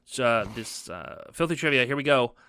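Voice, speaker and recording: A man's voice: medium pitch, animated, normal speed, bright, forceful tone, clean tone. A man co-hosting a casual podcast, joking around and laughing often. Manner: jokey, laughs often, slips into goofy voices. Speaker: podcast co-host.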